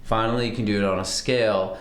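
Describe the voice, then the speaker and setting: A man teaching a fiddle lesson in a relaxed, conversational way. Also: lowish voice, fast, over loud music. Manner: relaxed, conversational, counts beats aloud. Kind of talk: casual music lesson. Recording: roomy sound with fiddle playing.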